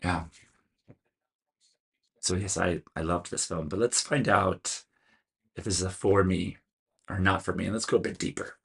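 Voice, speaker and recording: A man's voice: low voice, fairly even intonation, normal speed, creaky, pauses often, fairly bright tone, slightly rough. A man with a Californian American accent, giving a chatty, earnest solo film review and stumbling now and then over names. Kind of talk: casual solo video review.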